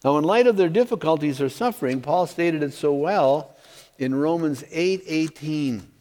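A man's voice: a little high, lively intonation, moderate pace, warm tone. A man preaching an expository sermon, stressing key words and checking in with his listeners. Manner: emphatic, stresses key words, asks 'okay?'. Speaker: pastor. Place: church hall with overhead projector. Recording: long hall reverb.

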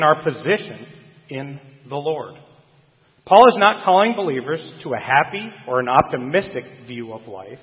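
A man preaching a sermon earnestly, putting emphasis on key phrases and slowing down on them. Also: on the high side. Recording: phone-like sound with long hall reverb.

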